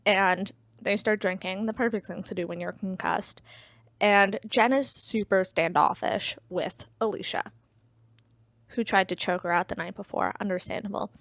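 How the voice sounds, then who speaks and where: A woman's voice: mid-range voice, fairly even intonation, normal speed, gravelly, fairly bright tone, no echo. Chatty woman recapping a book, dry sound. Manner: chatty, frequent "like" fillers, wry asides. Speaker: book reviewer. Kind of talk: casual plot recap.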